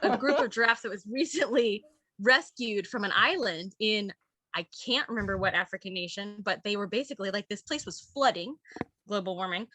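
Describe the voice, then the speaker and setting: Bright, dry-sounding woman doing stand-up. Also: mid-range voice, brisk, no room sound. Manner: rambling, laughing at own jokes, candid. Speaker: stand-up comic. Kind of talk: stand-up comedy set.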